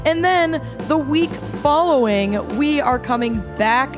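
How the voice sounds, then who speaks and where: A woman's voice: high-pitched, expressive, slow pace, over music. Playful woman co-hosting a podcast. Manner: playful, jokey. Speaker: podcast co-host. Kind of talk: casual chat.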